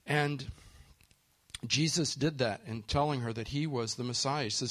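A man with a mid-range, fairly bright voice preaches at normal speed in an earnest way. He often puts questions to his listeners and acts out the voices of people he quotes.

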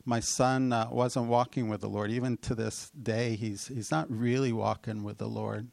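Gravelly pastor telling a story. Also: male voice, mid-range voice, steady tone, a little mellow, no echo. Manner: storytelling with rising emotional peaks and quick asides. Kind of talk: sermon testimony.

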